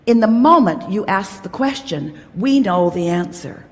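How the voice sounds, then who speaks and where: A woman's voice: mid-range voice, lively intonation, a little slow. A woman giving an emphatic, teacherly motivational talk to a live audience, speaking of herself as "we". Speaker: inspirational speaker at a live gathering. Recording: long hall reverb from a live event.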